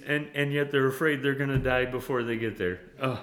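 A man preaching a sermon in an animated way, laughing often and at times rising to near-yelling. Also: medium pitch, fairly quick.

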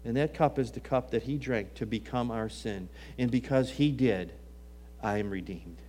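A man preaching a sermon, swinging between hushed, low passages and raised, emphatic ones, and quoting scripture in old-fashioned wording. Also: moderate pace, slight background noise.

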